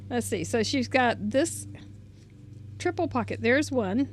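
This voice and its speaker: A woman hosting a crafting video, chatting casually and thinking aloud as she shows cards, often trailing off softly. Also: on the high side, animated, unhurried, slight background noise. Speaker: crafting channel host. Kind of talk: casual crafting show-and-tell.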